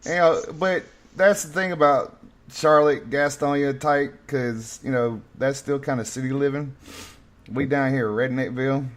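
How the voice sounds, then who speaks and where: A man with a Southern US accent from North Carolina, hosting a casual profane podcast chat, telling stories loudly and laughing often. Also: mid-range voice, measured pace. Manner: loud, laughing, drawling storyteller. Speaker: host.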